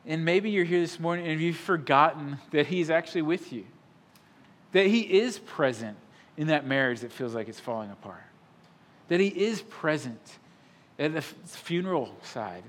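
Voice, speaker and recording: A male pastor preaching to his congregation in a church, his voice sitting a little high for a man. He presses hard on key lines and then drops almost to a hush. The delivery is earnest and direct. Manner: emphatic, swings from loud to hushed. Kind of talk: sermon. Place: church sanctuary.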